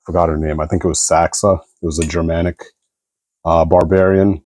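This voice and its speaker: A man with a deep, mellow voice talks through a figure review in an easygoing, rambling way. He leans on fillers and loose asides. The sound is close and dry, with no room around it. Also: brisk, no echo. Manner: relaxed, rambling, frequent fillers. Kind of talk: casual product review.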